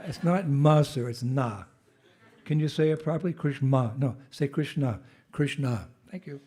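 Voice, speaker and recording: Slightly high, mellow, and a little rough, a man's voice moves at a moderate pace as he speaks to a temple gathering as a visiting monk. Nursing a cold and clearing his throat, he tells a chatty story, laughs, and leads jai call-and-response cheers.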